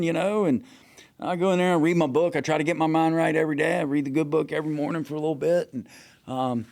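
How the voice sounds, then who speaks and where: Man, fishing captain, animated storyteller, shouts out quoted lines, casual and profane. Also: a little high, fast, vocal fry. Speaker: fishing captain, podcast guest.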